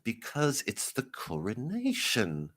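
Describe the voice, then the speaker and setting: A man voicing a gruff male doorman who flatly and rudely turns people away from a church. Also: takes it slowly, heavily acted. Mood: dismissive. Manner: low, flat, dismissive and profane.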